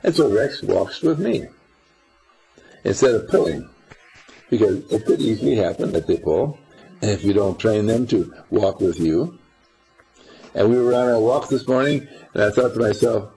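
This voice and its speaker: A man's voice: fairly low pitch, expressive, moderate pace, vocal fry, long pauses, dark tone, breathy edge, soft background music, low-quality recording. An older man giving an informal spiritual talk to a small group, folksy and rambling, quizzing his listeners as he goes. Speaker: spiritual teacher.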